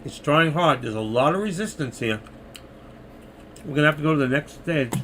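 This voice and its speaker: Live market commentary comes from an older New Yorker with the city's accent, walking through stock trades on a stream and reading viewer messages as he loses his voice. He sounds a little high, expressive, and a bit bright at normal speed, over slight background noise.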